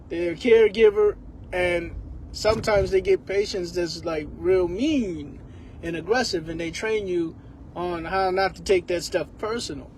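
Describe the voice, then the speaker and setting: A man's voice: high voice, unhurried, long pauses, darkish tone, a little hiss or hum. A man giving a rambling comedic monologue, laughing often.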